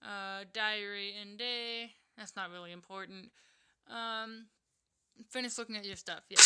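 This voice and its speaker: A woman's voice: medium pitch, steady tone, unhurried, clean tone. Woman reading a text game aloud. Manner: stumbles and corrects herself while reading. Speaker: let's player. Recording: loud background noise, typing clicks.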